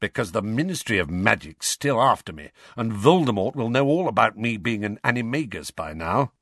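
A sarcastic, bitter middle-aged man with a lowish, drawling voice in a storybook reading, as a male narrator voices him. The sound is dry and close. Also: very animated, normal speed, a bit bright, no echo.

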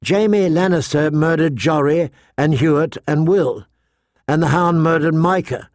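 A man's voice: on the high side, unhurried, darkish tone, dry recording, studio quality, close to an everyday voice. A man voicing a fierce, blunt young tomboy girl who talks defiantly, in an audiobook reading.

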